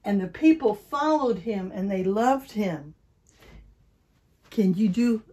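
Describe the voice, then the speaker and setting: An older woman speaks slowly and warmly-paced to little children, leading a Bible storytime. Her voice is husky and breathy, and she coaxes the kids to answer and repeat lines after her, dipping to a whisper or rising to a shout to show feelings. She sounds like a church granny at the children's service. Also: medium pitch, lively intonation. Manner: coaxing call-and-response with little children.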